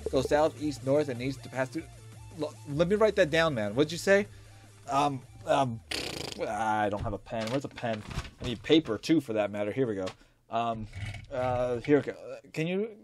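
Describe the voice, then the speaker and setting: A man commenting as he plays a video game, excitable and jokey, talking back to the characters on screen. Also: medium pitch. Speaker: gaming video host. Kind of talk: let's play commentary. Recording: faint music behind.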